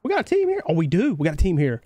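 A man's voice: a little high, racing, dry recording. A young man from North Carolina with a Southern twang, streaming a shooter game live and chatting with his viewers. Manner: excitable, chatty, reacts loudly to the game. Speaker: livestream gamer.

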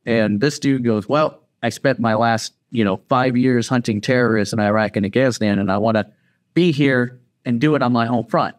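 Here a man of medium pitch talks at normal speed in clean studio sound with no echo. As a podcast guest, he narrates a story casually and lively, imitating the voices of those involved.

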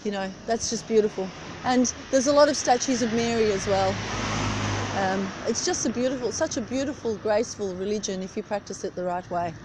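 Filming on her phone as she walks outdoors in the early-morning cold, a middle-aged vlogger chats casually, her thoughts wandering from one to the next. She speaks briskly at a medium pitch over background traffic noise.

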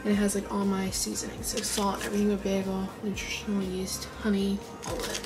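With music playing in the background, a college-age vlogger in her early 20s gives a chatty tour of her small dorm room, saying "like" a lot and mentioning she's winded. Her medium-pitched voice is completely flat and brisk.

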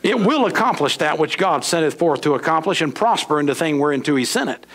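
Fervent preacher man, pitch swinging high. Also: lively intonation, fairly bright tone. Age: middle-aged. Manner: preaching with sudden swings between high emphatic lines and low slow drops. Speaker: pastor. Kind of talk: sermon. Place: church sanctuary.

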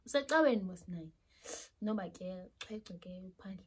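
A young South African woman with a South African accent telling a personal story in an animated, casual way. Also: mid-range voice, normal speed, slightly rough. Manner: animated storytelling, switching between Xhosa and English. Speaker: YouTuber.

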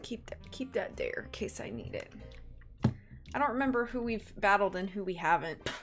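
A young woman chatting casually on a live stream while playing a game, bubbly and excitable. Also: mid-range voice, moderate pace. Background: faint game music.

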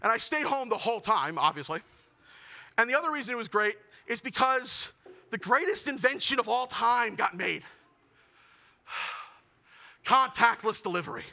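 Bright high-voiced young male comic. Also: unhurried, creaky, pauses often. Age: young adult. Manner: self-deprecating, animated storytelling. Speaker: stand-up comedian. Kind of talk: stand-up comedy set.

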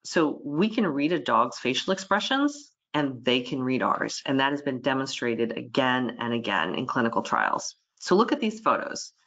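A woman veterinarian walks her audience through a webinar lecture in a lively way, slipping into the animals' inner thoughts as she goes. Her voice is bright and forward. The audio is dull and lo-fi, like a typical webinar capture. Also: rumbling low, normal speed, hardly any pauses.

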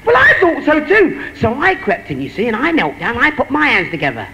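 A man's voice: very high-pitched, huge pitch swings, fairly quick, hardly any pauses, pushed and bright. A man doing stand-up, telling jokes to a live audience with chatty, teasing asides. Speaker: stand-up comedian. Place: live venue on stage. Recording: hall reverb, faint noise.

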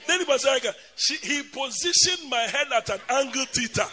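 High, bright-voiced preacher. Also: male voice, normal speed, soft background music, some chatter behind. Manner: animated, laughing often, addresses the audience directly. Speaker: bishop preaching. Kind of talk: lively storytelling sermon. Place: church camp gathering.

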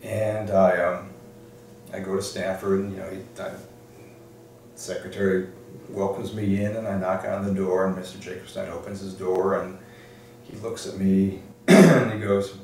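A man's voice: deep voice, level tone, normal speed, a little mellow. An older man from Detroit, a law librarian, telling stories from his career in an oral history interview, restarting often as he thinks. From Detroit, USA. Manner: reflective storytelling, frequent restarts and "um"s. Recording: echoey room, distant mic, faint noise.

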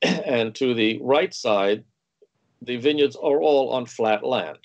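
A man, a food and wine writer, telling anecdotes in a relaxed interview and acting out quoted dialogue. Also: medium pitch, slow, gravelly, dull audio. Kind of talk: anecdotal storytelling in conversation.

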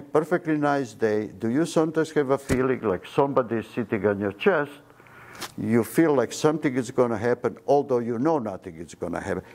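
Emphatic man lecturing on medicine. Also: medium pitch. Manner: animated lecturer, drops articles, leans on key words. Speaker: physician giving a seminar talk. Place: seminar room before an audience.

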